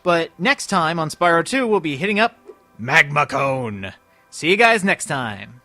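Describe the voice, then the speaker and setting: Animated young-sounding man narrating gameplay. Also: fairly high pitch, measured pace. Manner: animated, with loud playful outbursts. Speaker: let's play host. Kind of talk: casual gameplay commentary. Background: game music.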